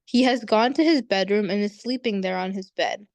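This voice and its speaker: A woman reading aloud the part of a gentle, respectful young maiden. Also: medium pitch, moderate pace, gravelly, no echo, lightly acted. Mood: earnest. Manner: read aloud earnestly. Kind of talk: reading scripture story aloud.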